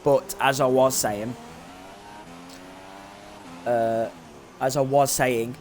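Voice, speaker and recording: A man's voice: mid-range voice, little pitch movement, drawn-out words, darkish tone. Young guy calling an online race, chatty, lots of ums, bit of hiss behind. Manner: rambling, joking, many fillers. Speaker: sim racing commentator. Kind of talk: live esports race commentary. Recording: faint background noise.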